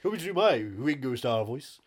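A man's voice: medium pitch, very animated, fairly quick, husky, pitched below the performer's own voice. A man playing a pompous, name-dropping aging British actor in improvised comedy banter, with a theatrical luvvie drawl. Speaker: mock talk-show host.

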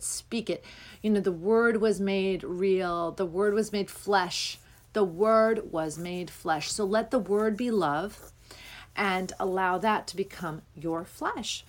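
A young woman hosting a spiritual podcast, talking earnestly and rambling, with many fillers. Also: medium pitch. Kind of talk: casual spiritual talk.

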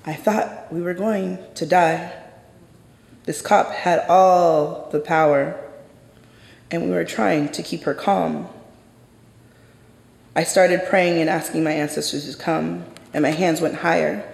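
On stage, a man tells a dramatic first-person story with measured intensity and deliberate pauses. His slightly high, gravelly voice carries a steady, somewhat mellow tone. The large theater is echoey, with long reverb.

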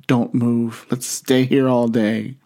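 A man voicing his sweet, sly female pet dog as she pleads for food, in a lowered voice during a sermon. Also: flat delivery, slow pace, mellow. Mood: cozy.

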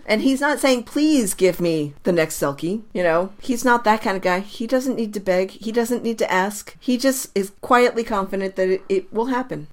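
Woman, podcast co-host, casual hockey chat, animated, gushing. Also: mid-range voice, normal speed, hardly any pauses.

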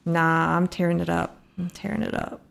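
A woman's voice: lowish voice, steady tone, normal speed, gravelly. A woman co-hosting a casual chat, recapping a reality show with crude jokes and frequent laughter. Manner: crude, joking, laughs often, acts out quotes. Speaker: podcast co-host.

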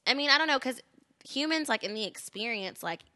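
A woman's voice: on the high side, lively intonation, brisk, pushed and bright, dry recording. A woman in her twenties co-hosting a podcast in casual chat, laughing and trailing off mid-thought. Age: 20s. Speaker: podcast co-host.

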